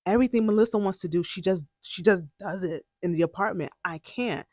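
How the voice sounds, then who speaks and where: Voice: medium pitch, fairly quick, a little mellow, no room sound. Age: young adult. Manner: candid, emotional storyteller. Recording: dry. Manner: candid and emotional, breaks into laughs and tears; relives moments by quoting their own past words. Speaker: podcast host telling own story. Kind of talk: casual personal storytelling.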